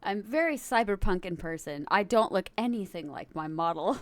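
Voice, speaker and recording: A woman's voice: mid-range voice, animated, normal speed, dry recording. A young woman streaming, chatting casually with her viewers, giggling often and rambling from one thought to the next. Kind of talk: casual chat with live chat.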